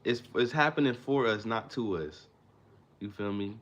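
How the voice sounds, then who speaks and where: A man's voice: fairly low pitch, moderate pace, fairly bright tone. A man hosting a livestream, giving an emphatic motivational talk in a repetitive, preacher-like cadence. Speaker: livestream host.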